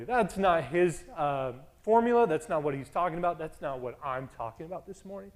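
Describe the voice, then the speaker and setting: Man, sermon, conversational, animated storytelling, fairly high voice. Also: moderate pace.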